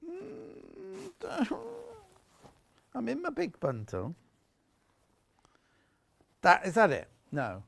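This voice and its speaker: A man's voice: high-pitched, huge pitch swings, slow, gravelly, pauses often, a bit bright. A man presenting fabrics on a live shopping channel, chatty and jokey as he teases the crew.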